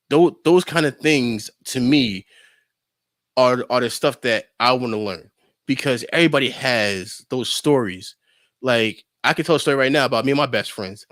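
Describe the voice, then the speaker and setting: A man from New York telling stories in casual podcast chat, animated and full of fillers, acting out the voices of people he quotes. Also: mid-range voice, no room sound, clean studio sound. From New Rochelle, New York.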